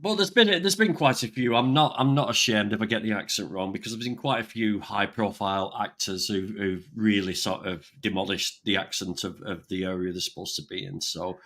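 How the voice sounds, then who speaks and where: A man's voice: lowish voice, fairly quick, hardly any pauses, a bit bright. A man in casual chat on a live stream, teasing his co-host and often restarting his sentences. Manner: hesitant, many restarts and fillers, teasing.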